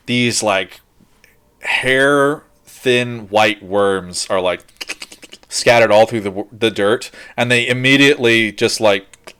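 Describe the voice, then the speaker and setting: A man's voice: on the low side, a bit bright, smooth. Filler-heavy game master man. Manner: loose, filler-heavy narration with quick bursts. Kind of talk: narrating a tabletop game.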